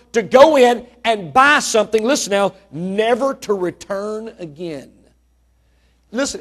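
Male preacher, high voice, slow stressed words and rising loudness in the sermon. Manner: preaching with drawn-out emphasis and swelling volume.

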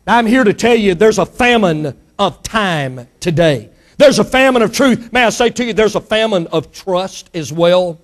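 A male preacher delivering a sermon and telling a story, emphatic and repetitive, dropping quiet for his key points. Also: sits high, animated, normal speed.

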